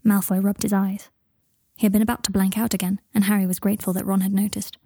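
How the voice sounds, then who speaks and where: A woman narrating a story in a calm, even reading voice on a close microphone. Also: medium pitch, fast talker, slightly rough, no echo. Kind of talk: storybook narration of fan fiction.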